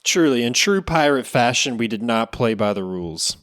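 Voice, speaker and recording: A man co-hosting a casual comedic podcast, bantering with swearing, quick to give up and poke fun at himself. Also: mid-range voice, animated, a bit bright. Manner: quick to concede, self-deprecating, swearing banter. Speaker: podcast co-host.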